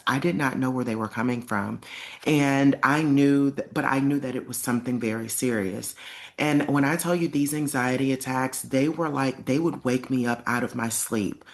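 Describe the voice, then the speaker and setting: A young adult woman telling a personal story to camera in a casual, emphatic way, acting out the lines she quotes. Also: very deep voice. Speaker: vlogger.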